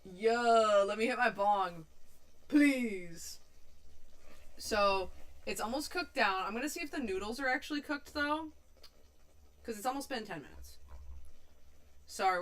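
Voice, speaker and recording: A woman's voice: mid-range voice, expressive, measured pace, pauses often. A young woman hosting a casual cooking livestream, chatting and rambling loosely with her viewers and swearing casually. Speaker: livestream host.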